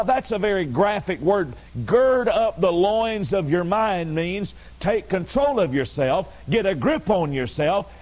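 A man's voice: a little high, darkish tone, rough recording. A male pastor preaching a Sunday night sermon to his congregation, emphatic and repetitive, pressing direct questions on his listeners. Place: church service on a Sunday night.

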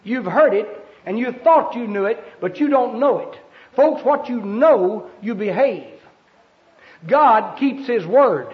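A man preaching a sermon, emphatic and fervent, breaking into sudden shouts. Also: very high voice, lively intonation, slow. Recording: dull lo-fi sermon recording.

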